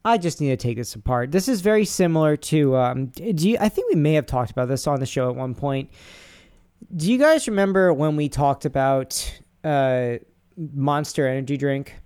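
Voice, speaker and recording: Smooth-voiced man ranting on a podcast. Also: fairly high pitch, expressive, moderate pace, darkish tone. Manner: rambling, swears, reads posts aloud with asides. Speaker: podcast co-host. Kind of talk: casual podcast chat.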